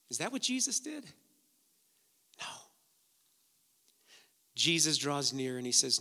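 A man pastor preaching a sermon, swinging from hushed, slow passages to loud, emphatic ones. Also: sits high, lively intonation, in a large hall.

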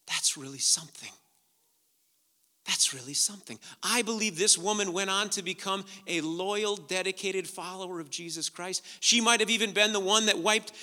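Man, pastor, sermon, high voice, very bright tone, hushed to loud preaching, long hall reverb.

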